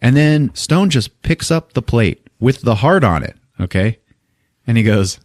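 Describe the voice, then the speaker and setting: A man's voice: medium pitch, big pitch swings, a little slow, darkish tone, no echo, clean studio sound. A man hosting a podcast, casually retelling a movie plot with lots of swearing and laughter. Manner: profane, laughing storytelling. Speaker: podcast host.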